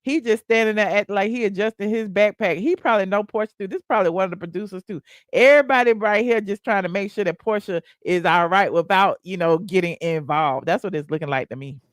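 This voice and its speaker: A woman's voice: medium pitch, fast, hardly any pauses, no room sound, studio quality. A woman hosting a casual reaction commentary, chatting straight to her viewers. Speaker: commentary host.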